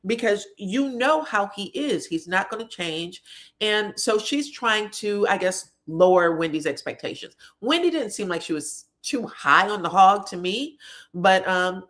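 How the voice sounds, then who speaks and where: A woman's voice: medium pitch, a bit bright. A woman casually recapping a reality show in a chatty way, with frequent asides to her viewers.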